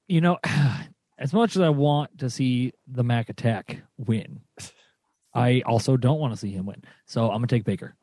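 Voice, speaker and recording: A man's voice: mid-range voice, normal speed, warm tone, no echo. A man bantering on a sports podcast, teasing and playful. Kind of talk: casual sports chat.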